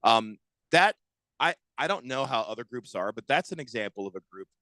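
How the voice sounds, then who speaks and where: A man in a studio hosting sports talk radio, leading a chatty back-and-forth and cutting in to fix his co-hosts' slips. His voice sits at a middle pitch and sounds very dry and close. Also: very animated, fairly quick, bright, forceful tone, no room sound, rough recording. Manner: chatty, interrupting to correct co-hosts.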